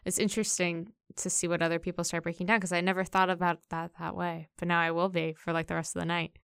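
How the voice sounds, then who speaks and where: A woman's voice: on the low side, level tone, fast, gravelly, a bit bright, clear, resonant tone, dry recording, studio quality. A young woman in casual discussion, thinking aloud and asking herself questions as she talks. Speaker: discussion participant.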